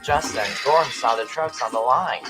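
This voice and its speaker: A man narrating a storybook tale in a lively, dramatic manner. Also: mid-range voice, normal speed, over music, rough recording. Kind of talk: storybook reading.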